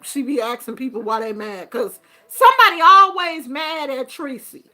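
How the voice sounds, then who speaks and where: A middle-aged woman chatting casually to her viewers, telling animated stories and laughing through them. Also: high-pitched, moderate pace. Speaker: YouTuber. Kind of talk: casual storytelling chat.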